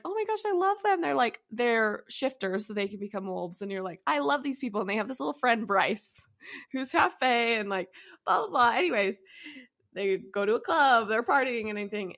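A woman's voice: on the high side, a bit bright. A woman co-hosting a casual book podcast, talking animatedly and emphatically, often laughing and swearing as she chats. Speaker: podcast co-host. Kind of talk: casual chat about books.

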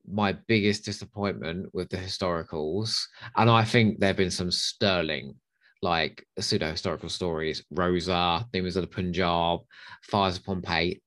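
Brief: male podcast host, very low voice, dry close sound, measured and opinionated. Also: fairly bright tone, no room sound. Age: older than his co-host. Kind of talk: casual podcast chat.

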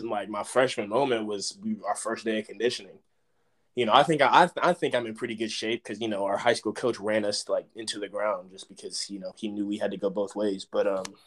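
A young man from Dallas talks casually as a podcast guest. He tells a story with energy and jumps into loud, animated quotes of what people said. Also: lowish voice. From Dallas, Texas. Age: young adult. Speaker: podcast guest, former college football player.

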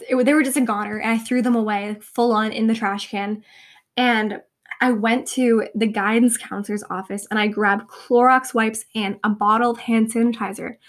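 A young woman hosting her own podcast in a rambling, self-deprecating way, full of "like" and "um", her voice going hoarse. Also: fairly high pitch. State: losing her voice, slightly hoarse. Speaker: podcast host. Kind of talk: casual solo podcast.

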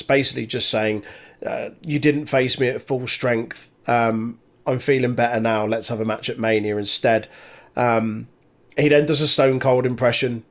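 Man, podcast co-host, casual chat, animated, laughing, mid pitch. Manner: animated, laughs often, swears, many ums. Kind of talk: casual chat recapping a wrestling show.

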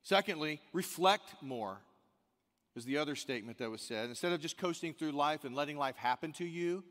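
A man's voice: a little high, expressive, brisk, fairly bright tone. A man preaching a church sermon, earnest and repeating key phrases for emphasis. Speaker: pastor. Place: church service. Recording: long hall reverb.

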